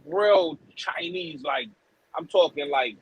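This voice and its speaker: A man from New York speaks in a high, husky voice. He talks with emphasis, running through one place after another. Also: animated, takes it slowly, poor audio. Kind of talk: casual chat.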